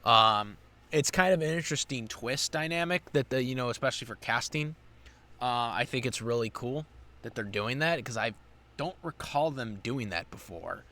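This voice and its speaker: A man's voice: medium pitch, expressive, normal speed, pushed and bright. Rambling man recapping an episode. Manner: rambling, many fillers and restarts. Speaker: anime reviewer.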